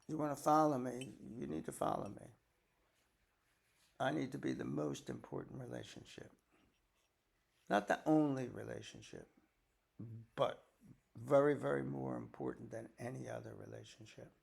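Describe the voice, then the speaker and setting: Here a grandfatherly older man reads from the Bible, stopping to add casual, homespun commentary on what it means. He speaks at a moderate pace with frequent pauses, and his mid-range voice is creaky, darkish and a bit rough.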